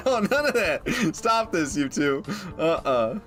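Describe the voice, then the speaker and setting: Male gaming commentator, lively and profane, jokey, quick laughs, music bed behind. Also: a little high. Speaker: gaming YouTuber. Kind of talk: casual gameplay commentary.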